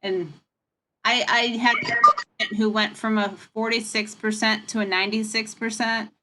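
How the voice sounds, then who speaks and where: A woman's voice: a little high, flat delivery, moderate pace, bright, forceful tone. A woman leading a staff meeting over a video call, talking in a chatty, frank and rambling way. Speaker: meeting leader. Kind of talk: casual meeting talk.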